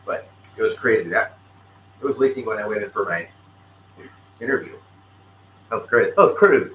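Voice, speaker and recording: A man chatting casually while he works on a craft, rambling and counting quietly under his breath. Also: on the low side, moderate pace, highs cut off. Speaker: vlogger crafting on camera. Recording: echoey room with clear background noise.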